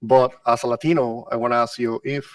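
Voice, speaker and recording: Fast, flat-voiced male reporter. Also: medium pitch, no room sound. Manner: quick, flat, polite questioning. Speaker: wrestling journalist. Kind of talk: asking a press question. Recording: dry sound from a distant mic.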